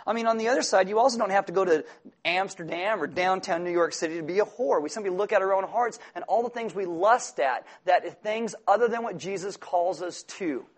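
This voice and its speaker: A man preaching a sermon, earnest and emphatic, with sudden loud bursts when he tells a story. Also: a little high. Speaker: pastor.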